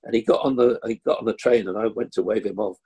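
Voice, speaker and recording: Gravelly-voiced older actor telling stories. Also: male voice, on the low side, fast talker, muffled recording. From Kilburn, London. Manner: animated, acts out the people in his anecdotes. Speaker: actor, interview guest. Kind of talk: anecdotal storytelling.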